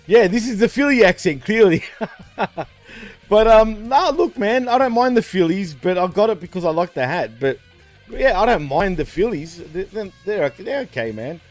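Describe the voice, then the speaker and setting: An Australian man with a high, light voice hosts a loose, chatty talk show. He laughs easily, swears without thinking about it, and tosses in "man" and "bro" all the time. Faint music plays quietly behind him. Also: animated, unhurried. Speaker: co-host. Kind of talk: casual podcast chat.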